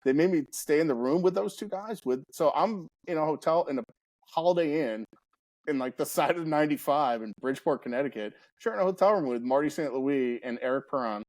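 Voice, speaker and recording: A man's voice: fairly high pitch, lively intonation, brisk, darkish tone, no room sound. A man in his forties, guest-hosting a casual podcast, telling stories with laughs and frequent restarts. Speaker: guest host.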